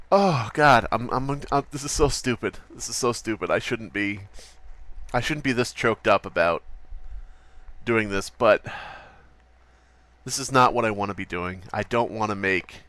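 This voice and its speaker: A whiny, self-pitying drama YouTuber, played by a man for a comedy skit, who rambles in circles and repeats the same complaint again and again. His voice sits a little low and comes across dry and close, with no room around it. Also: a bit bright, clean tone, no room sound, natural voice. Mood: choked up. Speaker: podcast host.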